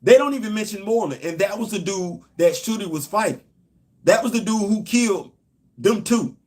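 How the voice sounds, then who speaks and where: In a casual livestream, the host talks directly to viewers, emphatically repeating his points. His voice sits high and is animated and a little mellow, and he speaks fairly quickly.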